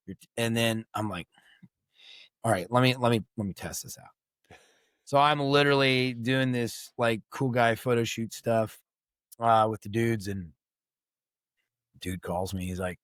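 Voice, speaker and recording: A middle-aged veteran man spins a loose, profane anecdote as a podcast guest. His voice sits at an ordinary pitch, and he jumps into the voices of the people he quotes. The sound is close and dry, with no room around it. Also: fairly even intonation, a little slow, pauses often, a bit bright, no room sound. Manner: swears freely and acts out quoted voices. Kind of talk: casual storytelling chat.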